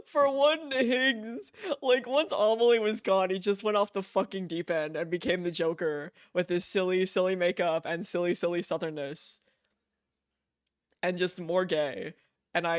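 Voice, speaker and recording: A man's voice: high-pitched, steady tone, measured pace, clean tone, no echo, clean studio sound. A man live-streaming a video game, chatting casually in a gushing, giggly way and repeating himself.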